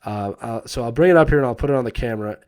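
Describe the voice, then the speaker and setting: A man's voice: medium pitch, very fast. A man in his thirties hosting a live stream, casually telling a personal story and acting out the voices of the people in it. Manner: animated, acts out quoted voices, laughs often.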